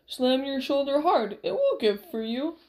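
A woman reading aloud, voicing a huge, gentle, loyal man who speaks plainly and earnestly. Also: sits high, sing-song, a little slow, voice pushed up.

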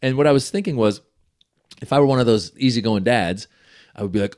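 A man's voice: on the high side, fast talker. Middle-aged male comic, easygoing chat, acts out the people in his stories. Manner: animated storyteller, acts out quoted voices. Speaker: podcast guest, comedian. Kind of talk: casual chat.

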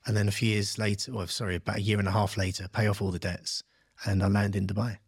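A man's voice: lowish voice, fast, breathy edge, no echo, clean studio sound. A man in his thirties from England, telling his life story in a casual interview and acting out other people's lines. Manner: animated, acts out quoted voices. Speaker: podcast guest, entrepreneur.

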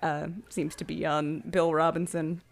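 Lower-pitched woman recapping a film. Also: fairly quick, creaky. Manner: animated storytelling, acting out characters' lines. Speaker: podcast co-host. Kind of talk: casual film recap chat.

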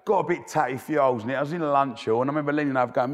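A man's voice: medium pitch, racing. A man telling cheeky, chatty stories as a guest, often restarting his sentences. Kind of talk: telling anecdotes in interview. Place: debating hall. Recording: long hall reverb.

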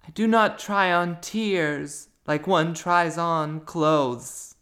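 A woman's voice: lowish voice, very slow, a bit bright. A woman author talking about her writing and then reading her own prose aloud, thoughtful and searching for words.

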